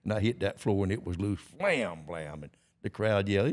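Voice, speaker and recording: With a fairly low, expressive voice at a moderate pace, this Georgia man in his eighties spins a story during a relaxed podcast interview. He's folksy and quick to laugh, using plain country grammar.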